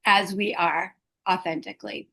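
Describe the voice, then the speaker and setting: A middle-aged woman, a hospice liaison and educator, speaking gently and earnestly about caregiving, with pauses and fillers. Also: medium pitch, steady tone, vocal fry. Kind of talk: reflective talk on caregiving.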